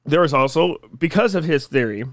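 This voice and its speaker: A man's voice: a little high, expressive, a little fast, dry recording, studio quality. A man co-hosting a casual comedy podcast, laying out absurd theories in a teasing, mock-serious way. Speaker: podcast co-host presenting conspiracy theories.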